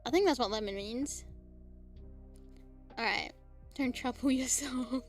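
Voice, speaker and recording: A woman's voice: on the high side, a little slow, soft background music. A young Australian woman streamer chatting casually, giggling often and breaking into squealing laughter. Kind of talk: casual live-stream chat.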